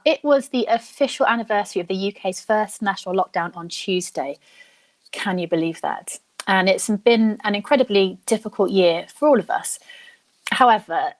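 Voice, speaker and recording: A young woman hosting a live online quiz, chatting and thinking out loud, reading each question slowly and then repeating it. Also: mid-range voice. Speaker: quiz host.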